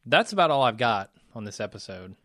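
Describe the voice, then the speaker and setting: Podcast cohost guy, dry close sound, talks things through calmly. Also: medium pitch, a little fast, dry recording. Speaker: podcast co-host. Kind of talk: casual chat.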